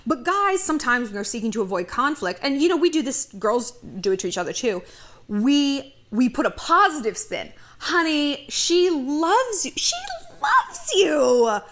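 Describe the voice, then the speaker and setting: A woman's voice: on the high side, moderate pace. A woman giving blunt relationship advice in a casual monologue, acting out bits of dialogue as she goes. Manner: animated, blunt, acts out dialogue.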